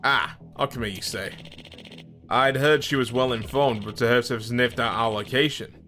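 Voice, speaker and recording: A man voicing a haughty middle-aged male yakuza boss, smug and measured. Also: mid-range voice, bright, forceful tone, faint music behind, close to an everyday voice.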